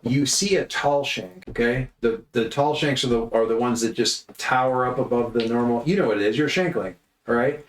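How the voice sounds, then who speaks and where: A man's voice: medium pitch, brisk, slight background noise. Rambling man narrating a tabletop game. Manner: rambling descriptive narration with frequent restarts. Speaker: game master. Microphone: online session audio. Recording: roomy echo.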